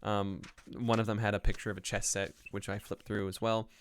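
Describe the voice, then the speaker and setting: A man's voice: lowish voice, flat delivery, fairly quick, a little hiss or hum. Rambling man hosting a solo podcast. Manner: rambling, with many ums and likes. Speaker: podcast host. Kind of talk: casual solo podcast chat.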